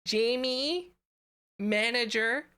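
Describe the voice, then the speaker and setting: A woman's voice: a little high, extremely slow, sharp tone. A woman VTuber streamer chatting casually and playfully with her chat, giggling and reading names aloud.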